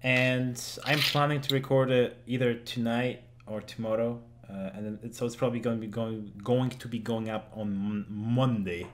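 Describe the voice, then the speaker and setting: A man's voice: medium pitch, fairly even intonation, moderate pace, few pauses, a little hiss or hum. A man, hosting a casual gaming podcast, joking, laughing often and swearing casually. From Germany. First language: German. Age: 20s. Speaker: podcast host and game streamer.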